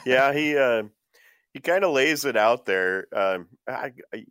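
A man's voice: medium pitch, expressive, takes it slowly, long pauses, a bit bright, smooth, no room sound, studio quality. A man co-hosting a Bible study discussion, talking with chuckles and frequent hesitant fillers. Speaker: co-host.

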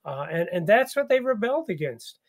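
A man hosting a conversational radio Bible study, animated, laughing often and repeating words as he thinks. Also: high-pitched, a little fast.

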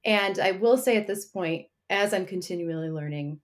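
A woman's voice: medium pitch, moderate pace. A married woman telling her faith story as an interview guest, earnest and reflective, with frequent light laughter between thoughts.

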